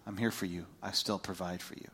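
A man voicing God as a gentle, patient father in a sermon. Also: flat delivery, a little fast, breathy edge, exaggerated voice. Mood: tender. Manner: soft and low, reassuring.

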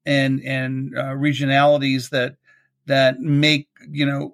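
A man's voice: mid-range voice, fairly bright tone. Rambling Baltimore man hosting a podcast. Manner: chatty, rambling, self-amused storyteller. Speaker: podcast host. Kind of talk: casual chat.

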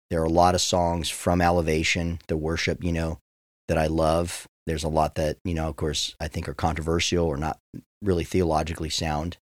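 Earnest low-voiced male Bible teacher. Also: no echo, clean studio sound. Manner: earnest, heartfelt, often addresses listeners as "you guys".

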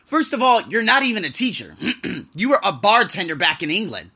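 This man's voice is high, sharp, and slightly rough, and he talks fairly quickly with a lot of animation. Hosting a casual podcast monologue, the English teacher, who lives and works abroad, rants bluntly about his job and swears freely.

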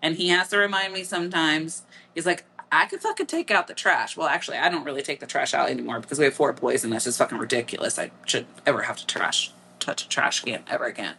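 Blunt low-voiced Midwestern woman. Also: fast talker, gravelly, bright, forceful tone, slight background noise. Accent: Midwestern American. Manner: blunt, frequent swearing, laughs easily. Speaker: podcast host. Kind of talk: candid casual monologue.

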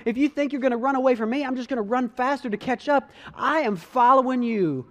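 A man preaching as a fervent, frightened disciple, pitched high and pushing hard. He pleads and insists in a raised, urgent voice. A long reverb of a large hall trails each line. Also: fairly quick. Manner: pleading, impassioned, emphatic. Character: eager, frightened devoted male disciple, adult.

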